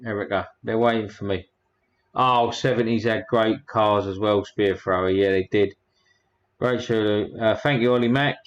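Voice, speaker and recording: Rambling low-voiced livestream host. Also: male voice, fairly even intonation, moderate pace, highs cut off. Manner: rambling, crude, reads out chat comments. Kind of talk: casual livestream chat.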